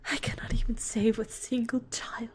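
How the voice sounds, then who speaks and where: Woman reading as a soft, sad goat mother. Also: a little high, little pitch movement, normal speed, whispered, pitched above the performer's own voice, lightly acted. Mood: sorrowful, hushed. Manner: soft, hushed, mournful. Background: game music.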